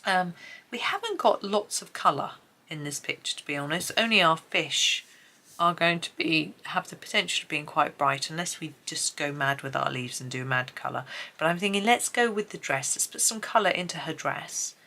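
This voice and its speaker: A British woman chatting softly as she talks through her colouring, sometimes trailing off into murmured asides. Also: sits low, expressive, normal speed, creaky, rough recording. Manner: chatty, soft-spoken, drifts into murmured asides. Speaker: colouring video creator. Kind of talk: casual narration while colouring.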